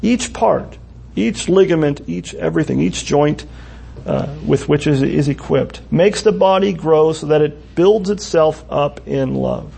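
Pastor guy preaching a sermon, gravelly and kinda high, earnest, repeats himself. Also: a little slow, dark tone.

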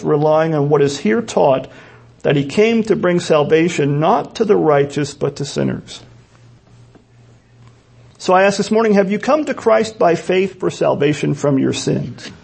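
A man's voice: high voice, creaky, a little mellow, slightly rough. A man preaching a sermon in an earnest, emphatic way, often repeating key words for stress. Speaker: pastor.

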